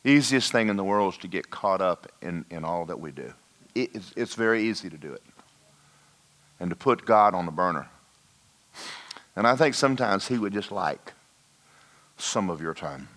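A man preaching a sermon in a church, telling a personal story and dropping to a hushed voice for emphasis. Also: low voice, animated, normal speed, pauses often. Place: church hall.

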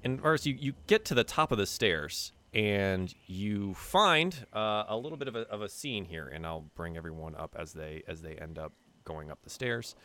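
A man narrating as game master of a tabletop game, telling the scene in a lively storytelling way with fillers and restarts. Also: on the low side, normal speed.

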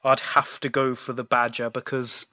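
A man's voice: medium pitch, flat delivery, normal speed, sharp tone. A young man co-hosting a comedy podcast, telling playful, exaggerated stories in casual chat. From United Kingdom. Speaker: podcast co-host. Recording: dull lo-fi sound.

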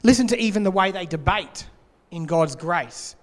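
High-voiced guy preaching, earnest, repeats his points, long echo in a big hall. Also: lively intonation, moderate pace. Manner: earnest, repeats key phrases. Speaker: pastor. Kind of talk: sermon.

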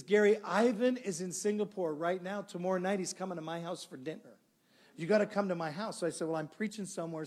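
A middle-aged male pastor preaching a sermon, telling a story and acting out the dialogue. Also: a little high. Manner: animated storyteller, acts out dialogue.

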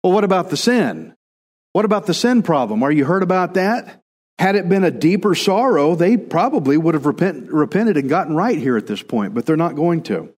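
A man's voice: a little high, big pitch swings, brisk, darkish tone, slightly rough, in a large hall. A male pastor preaching a conversational sermon, now and then acting out quoted voices.

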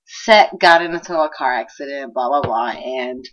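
Blunt, low-voiced young woman co-host, muffled lo-fi recording. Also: normal speed, a bit bright. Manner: blunt, swears freely, dry retelling. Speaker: podcast co-host. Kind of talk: casual chat. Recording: dull lo-fi sound.

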